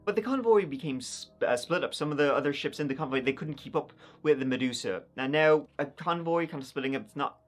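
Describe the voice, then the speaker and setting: A man's voice: a little high, expressive, fast, hardly any pauses. Wry, chatty man narrating history. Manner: wry, conversational, sardonic asides. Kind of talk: casual storytelling narration.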